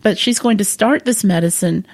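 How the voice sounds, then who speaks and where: Animated woman telling a story. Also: medium pitch, normal speed. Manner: lively, acts out voices while telling a story. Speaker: guest.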